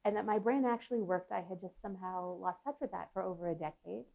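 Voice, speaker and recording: A woman's voice: medium pitch, fast talker, gravelly, dark tone. A woman psychologist speaking as an interview guest, telling a personal story in an earnest, reflective way. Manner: earnest, reflective, with frequent restarts and laughs.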